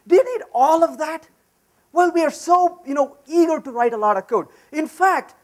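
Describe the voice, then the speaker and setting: A man giving a lively conference talk on programming, emphatic and full of anecdotes. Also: very high voice. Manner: animated, emphatic, storytelling. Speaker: conference speaker. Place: conference session room.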